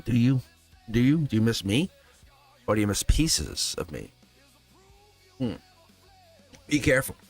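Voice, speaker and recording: A man's voice: mid-range voice, big pitch swings, a little slow, pauses often, faint music behind. A man giving a live tarot reading, speaking earnestly and emphatically straight to the viewer. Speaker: tarot reader.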